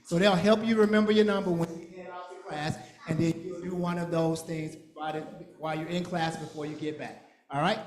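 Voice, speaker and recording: A man leading a church children's program, playful and energetic, teasing the kids and adults as he gets them moving. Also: a little high, fairly quick. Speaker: VBS program leader. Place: large church hall. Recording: echoey hall with crowd.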